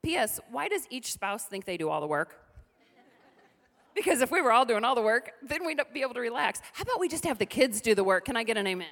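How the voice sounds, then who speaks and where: Middle-aged woman pastor preaching, high voice, lots of call and response, big hall echo. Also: fast. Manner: lively preaching with call-and-response and acted quotes. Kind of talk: sermon. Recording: reverberant hall.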